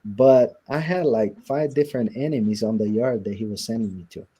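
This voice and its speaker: Husky, dark-voiced man telling his story. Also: lowish voice, fairly quick. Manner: recounts events by acting out quoted dialogue. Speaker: interview guest. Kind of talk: storytelling in a sit-down interview.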